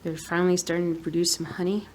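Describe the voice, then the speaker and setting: A woman, chatting softly and rambling as she cross-stitches. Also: lowish voice, flat delivery, fast talker, a little hiss or hum. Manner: soft-spoken, rambling, murmurs to herself while working. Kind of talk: relaxed stitch-along chat.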